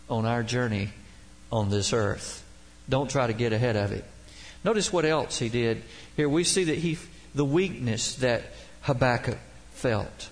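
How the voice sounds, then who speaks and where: A man preaching a sermon as pastor, with dramatic swells and drops and emphatic quotations. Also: medium pitch.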